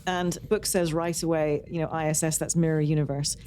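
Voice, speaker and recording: A woman's voice: low voice, flat delivery, a little fast, dark tone, a little hiss or hum. A woman co-hosting a podcast in casual chat, talking in a chatty, rambling way with lots of "like.". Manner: chatty, rambling, with many likes. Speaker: podcast co-host.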